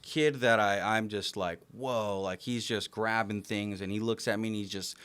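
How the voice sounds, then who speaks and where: A man's voice: fairly low pitch, moderate pace, clear, resonant tone. A man co-hosting a podcast, telling stories in casual chat, acting out quotes and swearing freely. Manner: animated storytelling, swearing, acts out quotes. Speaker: podcast co-host.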